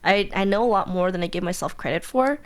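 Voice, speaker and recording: A woman who is a guest on an interview show, talking in a bubbly, chatty way and laughing often. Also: medium pitch. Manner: bubbly, chatty, quick to laugh, many fillers. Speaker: guest, jiu-jitsu black belt. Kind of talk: casual interview chat.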